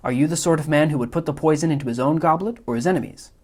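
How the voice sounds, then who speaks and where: A man voicing a pompous, boastful criminal mastermind who lectures in a smug, rapid-fire way. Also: on the high side, a little mellow, voice pushed up, close to an everyday voice.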